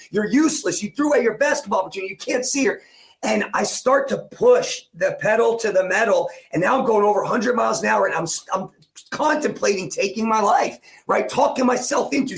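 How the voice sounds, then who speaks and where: A coach in his forties from New Jersey, with a high, fairly bright voice, tells an emotional personal story as a podcast guest. He's intense and repetitive, acting out the lines he quotes.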